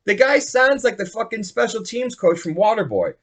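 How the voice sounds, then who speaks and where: A young man hosting a solo podcast, ranting about sports in a profane, rambling, excitable way. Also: sits high, normal speed, breathy edge. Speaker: podcast host.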